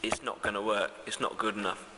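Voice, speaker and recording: A man speaking as a medium on a ghost hunt, halting and fervent, with many restarts. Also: fairly low pitch, fairly even intonation, in a large hall, background noise. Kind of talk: emotional first-person reflection.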